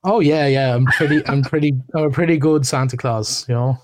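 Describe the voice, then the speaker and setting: A man's voice: mid-range voice, fairly quick, background noise. A man, a podcast guest, talking loosely with many fillers. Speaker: guest, massage therapist. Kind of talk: casual interview.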